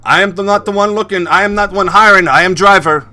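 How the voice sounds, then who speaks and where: A man's voice: extremely high pitch, very animated, normal speed, sharp tone, pitched above the performer's own voice, exaggerated voice. A man voicing a pushy taxi driver who speaks in broken English. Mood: impatient.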